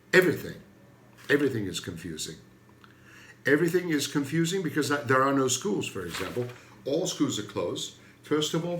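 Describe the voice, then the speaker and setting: Animated man doing stand-up. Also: mid-range voice, reverberant, slight background noise. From Turkey. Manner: animated, emphatic, jumps from loud outbursts to mutters. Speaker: comedian. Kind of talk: stand-up comedy monologue.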